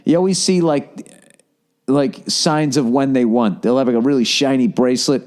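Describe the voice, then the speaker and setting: A man's voice: medium pitch, normal speed, a little mellow. A man hosting a solo podcast, ranting in a profane, fired-up way with sarcastic asides, from the Boston area. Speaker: podcast host.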